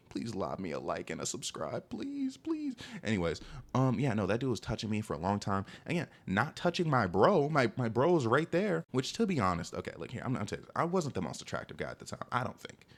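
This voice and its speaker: A man's voice: lowish voice, gravelly. A young man telling a personal story in a casual, exasperated storytime monologue, constantly saying "bro". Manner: animated, exasperated, peppers speech with "bro".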